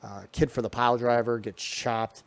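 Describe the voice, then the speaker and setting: A man's voice: medium pitch, flat delivery, moderate pace, gravelly. Casual man recapping wrestling matches. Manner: loose, filler-heavy recap with frequent ums and restarts. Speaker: wrestling show reviewer.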